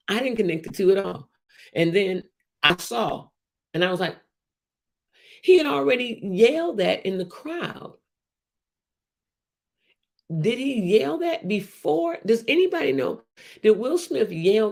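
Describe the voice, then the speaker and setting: A woman's voice: mid-range voice, lively intonation, a little slow, creaky, long pauses. A woman hosting a casual livestream, talking emphatically with many restarts and repetitions and reading out viewer comments. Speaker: host of a livestream show.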